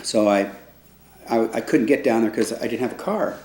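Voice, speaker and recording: A man in his sixties, a trombone player, recalling his past in a relaxed, rambling way with restarts, acting out other people's voices when he quotes them. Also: medium pitch, normal speed. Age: 60s. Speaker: trombone player recounting his band's start. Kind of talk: casual spoken storytelling. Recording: echoey room.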